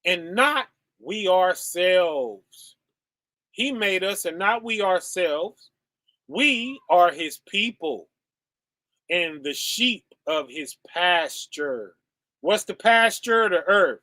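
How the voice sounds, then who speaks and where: Slow, bright-voiced man preaching emphatically. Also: high voice, no echo, studio quality. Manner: emphatic, peppers lines with "okay?" and "right?"; rhetorical questions, slangy. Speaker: podcast host. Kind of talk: preachy commentary.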